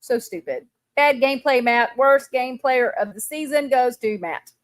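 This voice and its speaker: A woman's voice: high voice, lively intonation, normal speed, no echo. A woman co-hosting a casual recap chat, blunt and sarcastic. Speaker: podcast co-host.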